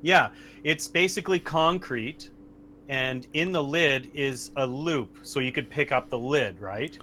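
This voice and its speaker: A man's voice: mid-range voice, pushed and bright, slight background noise. Man narrating as game master. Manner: descriptive, halting, laughs easily.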